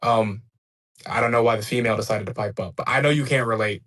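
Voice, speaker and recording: A man rattles off his lines fast in a smug, taunting voice. He is a guest in a streamed debate. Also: mid-range voice, a bit bright.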